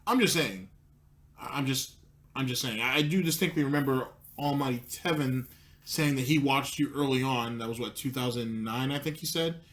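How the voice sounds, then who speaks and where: Male commentary host, mid-pitched, sarcastic and profane, needles his target. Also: moderate pace, a bit bright.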